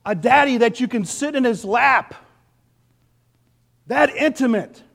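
High-voiced preaching man in a hall. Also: unhurried, vocal fry. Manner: passionate preaching, swings from loud to hushed. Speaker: pastor. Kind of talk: sermon.

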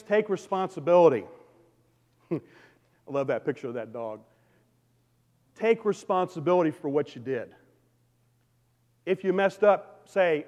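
A man's voice: on the high side, a little mellow. A man preaching a sermon, talking conversationally and calling out to his congregation. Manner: conversational preaching with audience call-outs. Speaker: pastor. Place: church sanctuary. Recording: long reverb of a hall.

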